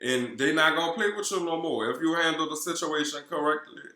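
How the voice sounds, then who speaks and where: Man, New Orleans accent, sassy profane gossip recap, bright forceful voice, roomy echo. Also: a little high, a little fast. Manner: sassy, animated, swears constantly, calls viewers girl. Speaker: reality TV recap vlogger.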